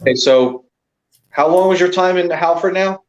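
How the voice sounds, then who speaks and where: A man co-hosting an interview asks questions in a halting way and keeps rephrasing mid-sentence. His voice comes through with a roomy echo around it. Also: high voice, muffled recording. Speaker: co-host.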